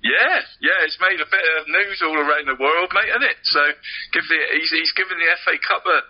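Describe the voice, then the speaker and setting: A man's voice: fairly high pitch, a little fast. A man co-hosting a casual football podcast, chatty and laughing often, always calling his friend "mate". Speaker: podcast co-host. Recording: lo-fi muffled audio.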